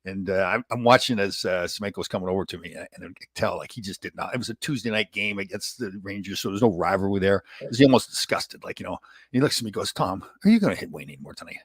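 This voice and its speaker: An older man, a former hockey player, telling animated stories in a casual conversation and laughing often. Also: low voice, fast, husky, no echo, clean studio sound. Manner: animated anecdotes, laughs often, mimics others in quotes.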